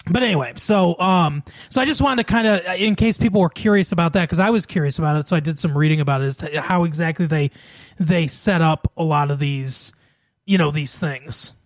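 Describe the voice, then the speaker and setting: A man's voice: a little high, a little fast, no echo. A man co-hosting a podcast in casual chat, talking at length and often laughing as he retells scenes. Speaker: podcast co-host.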